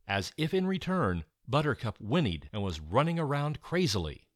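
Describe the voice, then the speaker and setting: Male storyteller for a children's book, animated and dry. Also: medium pitch, moderate pace, hardly any pauses, no echo. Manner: expressive, animated reading. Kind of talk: reading a children's story aloud.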